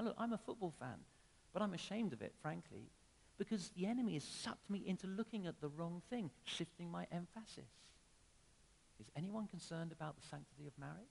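A man delivering a sermon in a slightly higher voice than most men. He swings between emphatic, raised phrases and quiet asides. The sound rings with the long reverb of a church hall. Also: expressive, fairly quick, gravelly. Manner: conversational with emphatic rises and sudden drops. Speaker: preacher.

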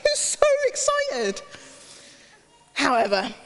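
A woman telling a lively Bible story to children, asking them questions as she goes. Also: high-pitched, slow, big-room sound. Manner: animated, asks the children questions.

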